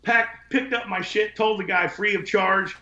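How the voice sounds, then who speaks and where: The podcast guest, who owns a window cleaning business, has a high, bright, forceful voice with a steady tone and a slightly slow delivery. He swears, speaks bluntly, and wanders between points in his casual storytelling, captured on an echoey, dull lo-fi recording.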